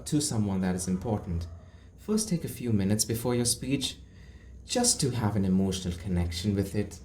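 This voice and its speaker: A man coaching public speaking to camera, earnest and emphatic, deliberately slowing down and speeding up, recorded in an echoey room with a faint hum. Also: on the low side. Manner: earnest, emphatic, deliberately varies pace and loudness. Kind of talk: instructional talk to camera.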